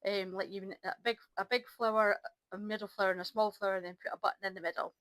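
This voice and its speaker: A middle-aged woman, talking casually to camera in a rambling, chatty way with lots of ums and restarts, a little low on energy. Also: flat delivery, fast, a bit bright, dry recording, rough recording. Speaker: crafting vlogger. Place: at home by an ironing board.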